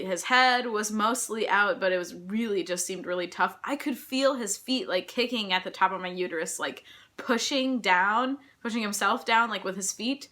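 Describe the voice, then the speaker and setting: A young woman recounts her home birth in a loose, chatty vlog. Her voice is bright and clear at a middle pitch. She wanders through the story with plenty of fillers and restarts.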